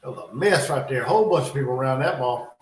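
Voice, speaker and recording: A man's voice: mid-range voice, animated, fast. A man hosting a casual livestream, reacting to a football game live with chatty play-by-play and muttered asides, at home. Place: home in North Carolina. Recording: echoey room.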